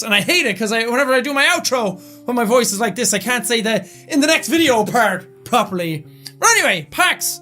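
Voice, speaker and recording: Young man, hoarse and raspy, loud and excitable, bright forceful tone, casual vlog chat. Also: high-pitched. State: raspy, strained voice. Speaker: YouTuber.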